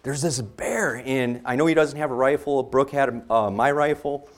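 A man speaking at a church gathering, telling a story in a rambling way with many fillers and excited rises before turning to scripture. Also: medium pitch, normal speed.

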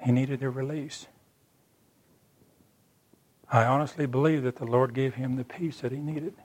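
A man's voice: medium pitch, fairly even intonation, moderate pace, darkish tone, breathy edge, dry recording. A man giving an earnest, plainspoken sermon as a personal story, acting out the dialogue of the people in it. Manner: plainspoken and folksy. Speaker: church speaker.

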